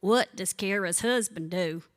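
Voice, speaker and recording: A woman's voice: medium pitch, unhurried, voice pushed down, natural voice. A woman voicing an elderly, hard-of-hearing woman in her eighties with an East Tennessee accent and a blunt, plainspoken drawl. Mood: puzzled.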